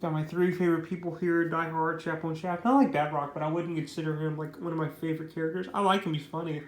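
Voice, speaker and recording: Quick-paced and level in tone, a man whose voice runs on the high side gives an offhand comic book review. He rambles, fills gaps with "basically" and "like," and keeps repeating his praise in an echoey recording.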